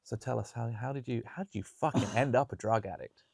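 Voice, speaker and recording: A man's voice: medium pitch, fairly quick, creaky, darkish tone, husky, no room sound, clean studio sound. A man hosting a podcast in casual interview talk, laid-back, joking and swearing, calling his guest "dude". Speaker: podcast host.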